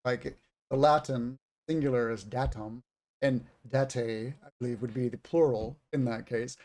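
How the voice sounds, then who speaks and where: A man's voice: mid-range voice, steady tone, normal speed, a little mellow. A man interviewing a guest and explaining terms for an audience of learners, thinking aloud as he goes. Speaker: interviewer and English teacher. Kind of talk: conversational interview for language learners.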